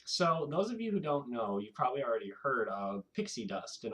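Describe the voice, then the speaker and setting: A man hosting his own video, talking casually to camera in a rambling, animated way and laughing often. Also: medium pitch, brisk, few pauses. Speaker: video host.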